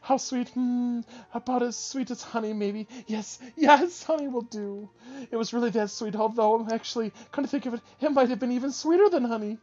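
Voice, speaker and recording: A woman reading the lines of a boastful, excitable little game creature that babbles on in a sing-song way. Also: on the high side, normal speed, lo-fi sound, natural voice. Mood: excited.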